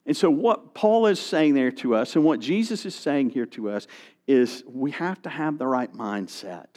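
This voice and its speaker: A man's voice: mid-range voice, animated, normal speed, darkish tone. A middle-aged male pastor preaching a sermon, reading scripture and animating his stories with quoted voices.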